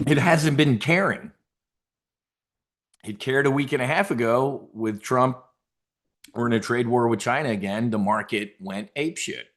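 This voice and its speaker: A man's voice: mid-range voice, a little slow, long pauses, fairly bright tone. A middle-aged man hosting a trading show, giving blunt, profane, rambling live market commentary.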